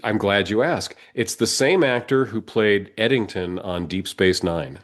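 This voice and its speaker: A low-voiced man co-hosts a podcast while fighting a cold. He talks in rambling, casual bursts, restarting sentences and breaking into laughter. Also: measured pace, background noise. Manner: rambling, self-interrupting, laughs often. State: has a cold. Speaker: podcast co-host. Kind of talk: casual chat.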